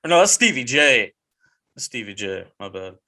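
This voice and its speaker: A man hosts a casual chat podcast with a bright, forceful voice. He jokes in a mock-dramatic way and rambles with frequent restarts. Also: mid-range voice, very animated, moderate pace. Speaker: podcast host.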